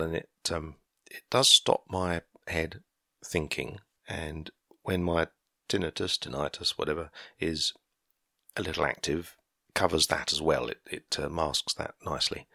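A man in his fifties chatting on his own and drifting from one tangent to the next. His voice is very low and husky, with a bright, forceful edge. The sound is dry and close, with no echo. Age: 50s. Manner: rambling, easily sidetracked, chuckling at himself. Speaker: podcaster. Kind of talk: casual solo monologue. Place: garden shed workshop.

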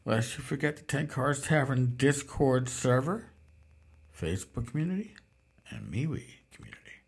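A man hosting a casual podcast, slightly hoarse as he loses his voice, rambling and swearing wryly as he talks into a desk mic at a convention. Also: mid-range voice, big pitch swings, normal speed. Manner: rambling, profane, wry. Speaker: podcast host.

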